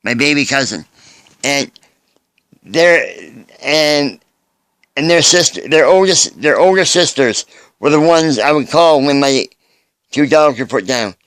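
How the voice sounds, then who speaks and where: A man recording a personal video message, speaking earnestly and haltingly, often restarting his sentences. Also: fairly high pitch, expressive, fairly bright tone, smooth, dry recording.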